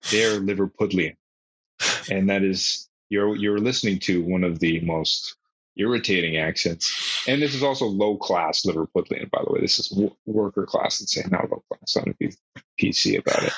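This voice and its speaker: Deep husky man, lively casual talk. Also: normal speed, no room sound, low-quality recording. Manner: animated, jokey, swears freely. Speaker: podcast co-host. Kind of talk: casual football chat.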